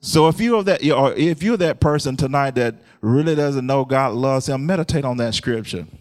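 A man preaching a sermon in a call-and-response style, laughing often and calling out hallelujahs as his voice climbs higher and louder. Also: animated, normal speed.

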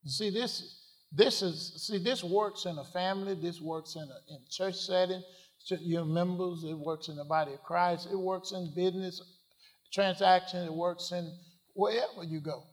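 A man preaching a sermon, asking the congregation questions and swinging from quiet asides to loud declarations. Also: sits high, fairly even intonation, moderate pace. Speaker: pastor.

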